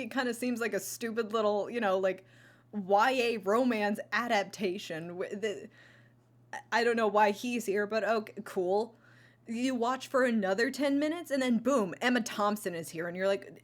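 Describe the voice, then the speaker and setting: A woman's voice: fairly high pitch, normal speed. A woman chatting casually into a close mic, reviewing movies on her vlog, rambling with lots of fillers and restarts. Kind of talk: casual chat.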